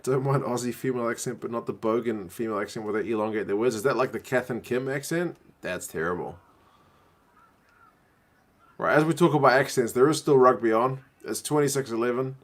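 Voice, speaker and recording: He's a New Zealander with a fairly quick, medium-pitched voice, hanging out casually on stream during a rugby match. Viewer comments get read aloud and answered in his chatty style, with plenty of "bro."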